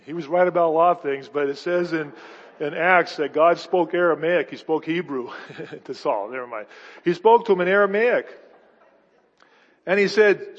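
A male pastor preaching a sermon, emphatic and full of restarts, with sudden swings between loud and soft delivery. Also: fairly high pitch, moderate pace. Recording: dull, echoey hall recording.

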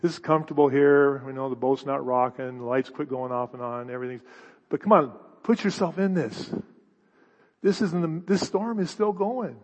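A pastor preaching a sermon with dramatic storytelling and stammered restarts, recorded in a church hall. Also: male voice, fairly high pitch, normal speed. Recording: long reverb, dull lo-fi sound.

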